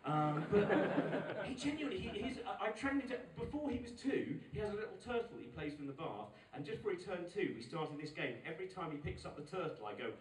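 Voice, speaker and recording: Animated comedian in his forties. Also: high voice, quick pace. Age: 40s. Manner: animated, exasperated storytelling with loud outbursts. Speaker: stand-up comedian. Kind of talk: stand-up set. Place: live venue with audience. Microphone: recorded from far off by a phone camera. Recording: echoey, distant phone recording with noise.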